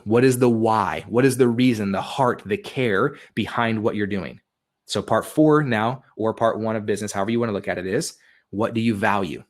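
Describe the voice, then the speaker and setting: A man giving an energetic motivational webinar talk from home, repeating questions to coach his listeners. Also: on the low side. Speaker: webinar speaker. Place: home room with a dog.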